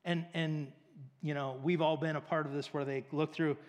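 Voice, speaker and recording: High-voiced preacher in an echoey hall. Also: male voice, level tone, moderate pace. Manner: casual, filler-heavy, storytelling. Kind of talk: conversational sermon. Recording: long reverb of a large hall.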